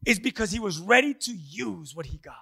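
A male pastor with an unusually high voice delivers a sermon. He preaches with dynamic swings, building to loud emphatic lines and then dropping to hushed ones. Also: lively intonation, fairly quick, creaky, slightly rough.

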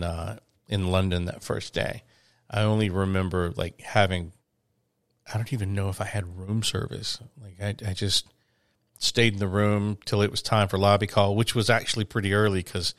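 Guy, low voice, rambly casual story, lots of ums and restarts. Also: fairly bright tone, no echo, studio quality. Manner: rambling, many restarts and fillers.

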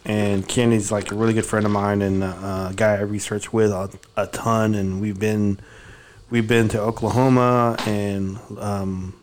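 A man hosting a casual podcast, telling long stories that wander off on tangents. His voice sits on the low side, and he laughs easily as he talks. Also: little pitch movement, a little slow, a little mellow, slight background noise. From Oak Cliff, Dallas, Texas. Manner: rambling, laughing storyteller. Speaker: podcast host. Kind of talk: casual chat, storytelling.

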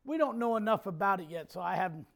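A man's voice: sits high, expressive, fast, creaky. A male preacher quoting his cautious cardiologist, mild and hedging. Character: cautious male heart doctor.

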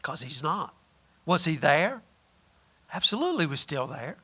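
A man preaching a folksy, emphatic sermon, swinging between loud points and quiet asides. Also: on the high side, big pitch swings, a little slow, breathy edge.

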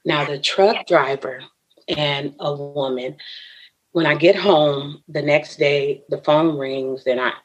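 Woman, low pitch, interview guest, earnest personal storytelling, emotional. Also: steady tone, takes it slowly, breathy edge, highs cut off. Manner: earnest, emotional, often voices what others said.

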